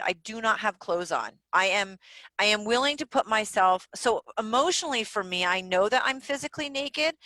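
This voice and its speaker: A woman guest on a podcast, telling stories in a candid, animated way and swearing freely. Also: medium pitch, dry recording, poor audio. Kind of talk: casual interview chat. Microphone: home recording setup.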